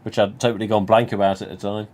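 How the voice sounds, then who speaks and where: A man's voice: on the low side, level tone, quick pace, a little mellow. A man with a Nottingham accent, hosting a livestream and telling a long, rambling personal story full of asides and mild swearing. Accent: Nottingham English. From England. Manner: chatty, rambling, many you-knows, mild swearing. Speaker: livestream host. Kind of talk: casual anecdote telling.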